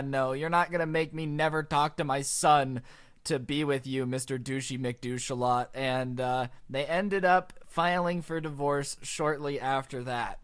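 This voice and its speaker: Chatty, animated young man telling a story. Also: a little high. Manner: chatty, animated, lots of likes. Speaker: storytime narrator. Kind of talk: casual storytelling over gameplay.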